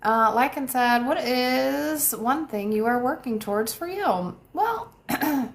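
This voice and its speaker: A young woman, a manifestation coach, chatting casually on a livestream, reading viewer comments and thanking them warmly with light laughs. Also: high-pitched, animated, slow pace. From United States.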